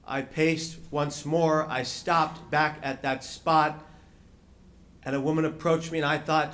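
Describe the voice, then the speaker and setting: A man giving a speech as a panel speaker, telling a personal story with dramatic, slowed phrasing and touches of wry humor. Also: a little high, level tone, fairly bright tone.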